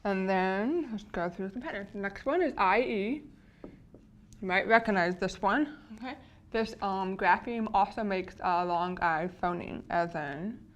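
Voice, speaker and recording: A woman's voice: mid-range voice, measured pace, a little hiss or hum. A woman teacher explaining phonics spelling patterns, often checking in with "right?". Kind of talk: phonics lecture.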